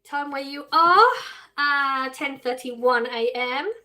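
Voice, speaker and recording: Her voice is high, slow, pushed and bright. She's an adult mother from England on a live stream, reading viewers' questions aloud and replying casually with frequent laughter.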